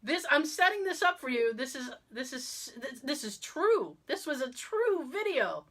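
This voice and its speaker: A woman hosting a podcast, telling a story in casual chat, animated and laughing often as she acts out quotes. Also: sits high, unhurried. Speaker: podcast host.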